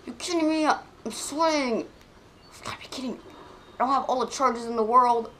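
A woman giving let's play commentary on a game, swinging between loud excited outbursts and quiet muttering to herself. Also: fairly high pitch, normal speed, a little hiss or hum. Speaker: gaming channel host.

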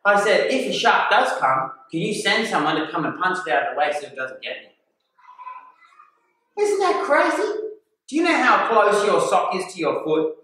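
A man's voice: high-pitched, moderate pace, slight background noise. A man, a kindergarten teacher telling a story to young children and acting out gasps and voices. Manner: animated, acts out voices and gasps. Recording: echoey room from far off.

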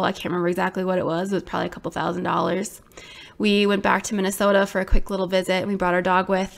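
A small business owner in her thirties tells viewers her own story, animated and exclamatory, packing her speech with "like." Her mid-range voice has a gravelly texture.

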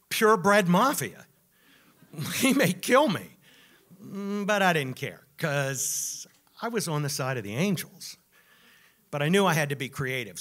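A man telling a true story live on a club stage, animated and wry, building to punchlines. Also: on the high side.

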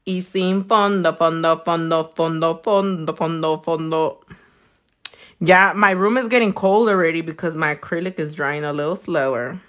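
A woman, a nail technician chatting loudly and crudely on a livestream while she works, teasing and laughing a lot. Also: deep voice, moderate pace. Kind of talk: casual livestream chat while doing nails. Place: her own room.

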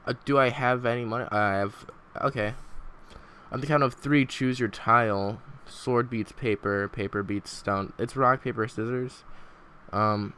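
A man doing casual let's-play commentary, excitable and trash-talking, swearing at the game as he plays. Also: medium pitch, unhurried, slight background noise. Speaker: gameplay commentator.

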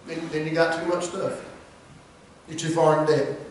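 A man preaching a sermon as pastor, swinging between loud high cries and low hushed asides. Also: little pitch movement, normal speed, slight background noise. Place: church. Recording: echoey church room miked from far off.

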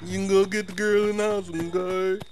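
A man talking live to his teammates while gaming, excitable and panicky, joking and swearing a lot. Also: high-pitched, normal speed. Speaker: gamer. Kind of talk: live gameplay chat with teammates. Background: game music.

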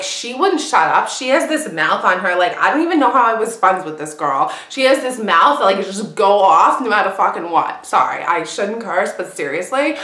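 A woman's voice: a little high, a bit bright. A woman playing a brash, gossipy party girl. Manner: filler-heavy chatter, constant "like". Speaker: actor auditioning. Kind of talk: improvised character monologue. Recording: roomy echo.

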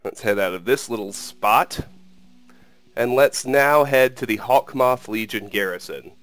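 A man hosting a game playthrough, talking through where to go next in a relaxed way. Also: mid-range voice, unhurried, no room sound. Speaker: let's play host.

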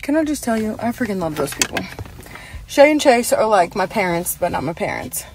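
A woman chatting excitedly in a casual vlog, gushing and upbeat, filmed on a phone indoors and outdoors. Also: mid-range voice, fairly quick, background noise. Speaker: vlogger.

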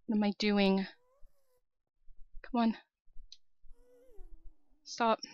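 A woman's voice: medium pitch, flat delivery, very slow, clean tone, dry recording, lo-fi sound. A young woman narrating her own game as a let's-play host, nervous and shaky, talking to herself and her viewers. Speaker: gaming channel host.

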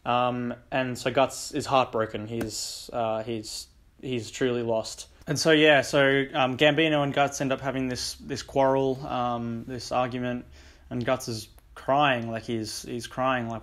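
A man's voice: medium pitch, flat delivery, a little slow, fairly bright tone. A young man hosting a book channel, casually recapping a story in a rambling way full of ums and likes. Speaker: book discussion channel host.

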